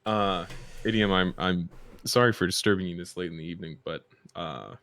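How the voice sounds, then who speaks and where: A man's voice: low-pitched, brisk, a bit bright, dry recording, faint music behind. A man playing a formal, polite adventurer. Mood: earnest. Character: courteous, earnest adventurer.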